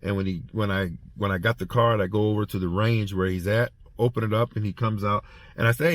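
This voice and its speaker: Halting, storytelling man, dry sound. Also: on the low side, no echo. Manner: halting, repeats words while storytelling. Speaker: former prison officer. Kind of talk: casual spoken reflection. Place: heading home after treatment.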